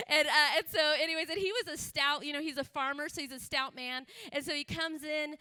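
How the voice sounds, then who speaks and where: A woman missionary telling a story in a sermon, animated, often rising to loud, laughing emphasis. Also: a little high, fast, clean tone, no echo. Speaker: missionary guest speaker. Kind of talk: sermon testimony. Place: church sanctuary.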